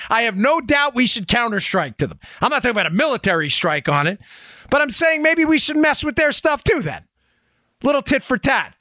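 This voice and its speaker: A sarcastic, wisecracking man hosts a political podcast, his voice pitched high and sounding bright and forceful. The sound is dry and close, with no room behind it. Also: no room sound. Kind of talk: animated political commentary.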